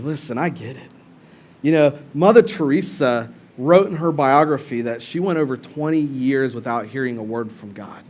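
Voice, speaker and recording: Pastor guy, highish voice, preaching to his church, gets loud then goes real quiet. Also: animated, moderate pace, a little hiss or hum. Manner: impassioned and conversational, swinging from loud to hushed. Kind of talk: sermon. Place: church service before a congregation.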